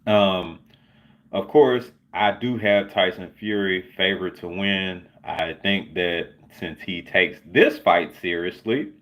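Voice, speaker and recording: A man's voice: sits low, fairly bright tone. A man hosting his own livestream, talking casually and sarcastically with many filler words. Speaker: livestream host. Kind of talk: casual solo livestream commentary.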